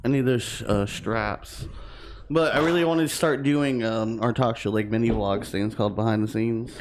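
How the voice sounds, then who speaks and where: A man's voice: lowish voice, fairly even intonation, normal speed. Laughing talk show co-host man, light hiss. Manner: laughs often, rambling plans. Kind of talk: casual chat. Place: home studio room.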